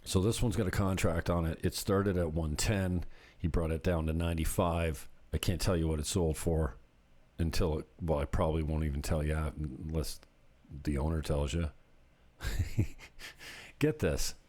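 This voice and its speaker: A middle-aged real estate agent chats casually in a vlog, telling rambling, jokey stories punctuated by laughs. His voice rumbles low with a darkish tone, holding steady at a moderate pace.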